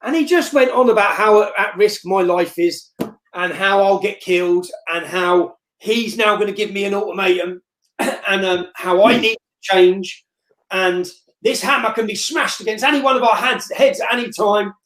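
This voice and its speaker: Blunt, forceful Englishman in a roomy echo. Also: high voice, moderate pace. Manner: forceful, blunt, repeats words and tags with "yeah?". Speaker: interview guest. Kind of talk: heated storytelling in a live-stream interview.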